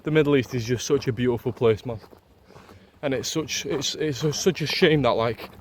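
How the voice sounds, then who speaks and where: Excitable Yorkshire man vlogging outdoors. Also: medium pitch, moderate pace, slight background noise. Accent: Yorkshire English. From Leeds, England. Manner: excitable, gushing, repeats phrases and fillers. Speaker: travel vlogger. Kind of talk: casual vlog to camera.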